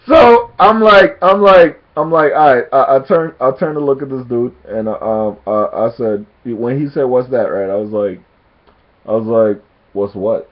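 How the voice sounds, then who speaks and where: A man's voice: mid-range voice, normal speed, dull audio. A man telling a casual story to his camera, laughing often and acting out what people said. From Jamaican heritage. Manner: animated storytelling, laughs often, acts out quotes.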